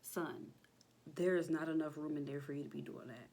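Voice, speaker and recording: Breathless pregnant woman vlogging, low voice. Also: fairly quick, a little mellow. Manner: sighing, breathy, chatty with slang. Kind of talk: casual chat. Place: home kitchen.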